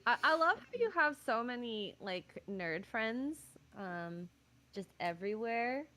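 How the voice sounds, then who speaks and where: A woman's voice: fairly high pitch, sing-song, unhurried, bright, forceful tone. A woman hosting a livestream, chatting casually and laughing often. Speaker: streamer host.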